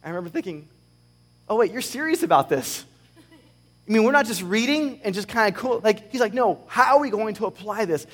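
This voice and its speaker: A man preaching a conversational sermon, reading scripture with animated sarcasm. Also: high-pitched, fast, few pauses, big-room sound. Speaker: pastor.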